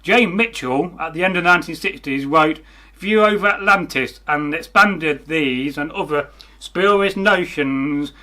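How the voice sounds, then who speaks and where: Bloke co-hosting a comments chat, slightly high bright voice, dry jokey digs. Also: male voice, unhurried. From England. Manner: dry, mocking humour. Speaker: co-host. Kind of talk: casual comment-reading chat.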